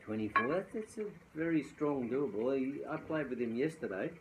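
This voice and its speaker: A man's voice: mid-range voice, normal speed, very noisy. Teasing australian man, chatty. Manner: teasing, chuckles between remarks. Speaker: co-host. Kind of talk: casual chat about club golf handicaps.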